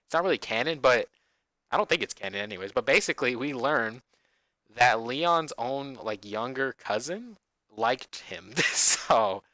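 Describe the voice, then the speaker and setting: A man chatting casually as he reacts to a video game, breaking into laughs and tripping over his words. His voice is bright and leaps around in pitch. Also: animated, a little slow, no echo. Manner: laughs often, amused, restarts words.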